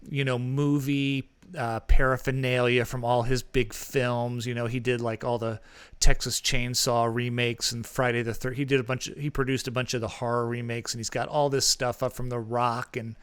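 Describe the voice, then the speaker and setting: A man's voice: mid-range voice, fairly bright tone, smooth, no echo. A man co-hosting a podcast, telling a long rambling anecdote in casual chat. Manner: rambling anecdote with many fillers and restarts. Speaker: podcast co-host.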